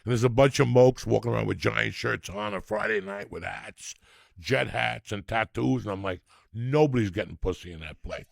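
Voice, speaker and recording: Gravelly, profane older man ranting. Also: lowish voice, moderate pace, dry recording, studio quality. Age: 60s. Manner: profane, rambling, animated storyteller. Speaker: podcast host. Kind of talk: storytelling comedy rant.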